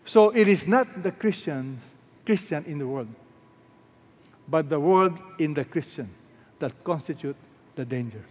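High-voiced Filipino pastor preaching. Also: male voice, expressive, measured pace, pauses often, slightly rough. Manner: emphatic, repeats phrases, asks the crowd rhetorical questions. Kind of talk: sermon. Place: large church hall. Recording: long reverb from a large hall.

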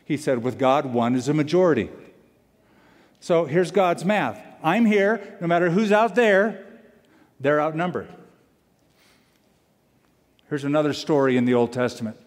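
A male pastor preaching a sermon, animated and emphatic, repeating key lines for weight. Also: on the high side, measured pace, long pauses. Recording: long hall reverb.

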